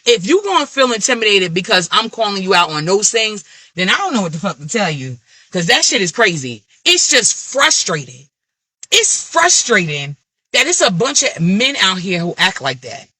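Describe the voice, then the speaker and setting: A woman's voice: mid-range voice, normal speed, breathy edge, no echo. A woman with an African American Vernacular English accent, venting in a candid, blunt and profane rant to camera. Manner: blunt, profane, animated ranting. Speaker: vlogger.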